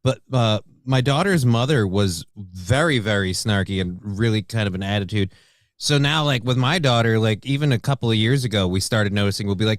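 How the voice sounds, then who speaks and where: Male co-host, average pitch, easygoing and profane, dry sound. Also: brisk, no echo. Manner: laid-back storytelling with fillers and swearing. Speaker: podcast co-host. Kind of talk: casual morning show banter.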